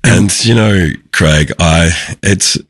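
A young Australian man with a husky, gravelly voice, a podcast guest talking earnestly and haltingly in an interview. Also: sits low, a bit bright, dry recording, clean studio sound. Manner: halting, restarts phrases, earnest. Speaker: podcast guest, former footballer. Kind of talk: candid interview talk.

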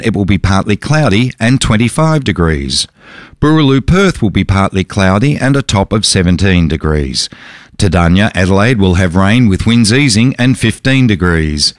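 A man reading the radio news and weather in a steady, scripted way. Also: low voice, no room sound, clean studio sound. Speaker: newsreader. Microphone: studio microphone.

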